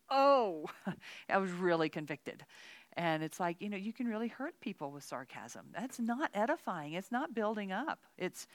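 A woman with a low-pitched voice teaches a women's Bible study in a frank, conversational way. She talks casually, with lots of "you know" asides. The sound is dry and close. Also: no room sound. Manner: chatty, candid, many "you know" asides.

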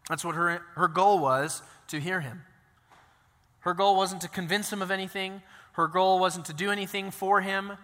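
A man preaching a sermon as pastor, telling the story in a conversational, animated way with casual asides. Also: sits high, moderate pace, big-room sound.

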